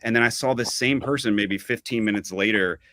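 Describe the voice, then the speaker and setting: Low-voiced man, halting, dry sound. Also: a bit bright, dry recording. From Austin, Texas. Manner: halting, repeats words while thinking. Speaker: musician guest. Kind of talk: casual chat.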